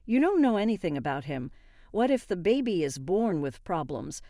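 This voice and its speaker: A woman voicing a sharp-tongued sister who talks in a quick, sharp way. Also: on the low side, big pitch swings, no echo, clean studio sound.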